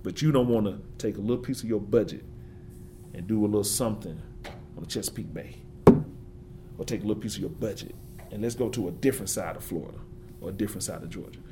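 A man's voice: lowish voice, fast, long pauses, noisy background. A man giving an interview, talking with passion and building points through emphatic repetition. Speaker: forester and interview guest.

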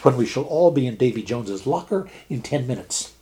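A man's voice: medium pitch, animated, fairly quick, mellow, close to an everyday voice. Guy reading a no-nonsense ship lieutenant, blunt but polite, storybook fable. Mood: earnest, practical. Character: practical, dutiful male ship lieutenant.

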